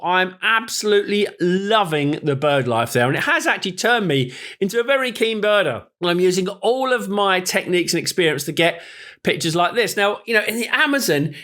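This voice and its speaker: Chatty high-voiced man. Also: fairly bright tone. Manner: chatty, self-deprecating, rambling. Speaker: wildlife photographer. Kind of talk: casual vlog chat.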